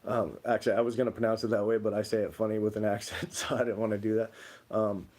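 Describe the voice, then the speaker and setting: A man's voice: on the low side, level tone, fast, darkish tone. Rambling man chatting on a livestream. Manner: rambling storytelling, many "like" fillers. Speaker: livestream co-host. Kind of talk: casual livestream chat reading comments.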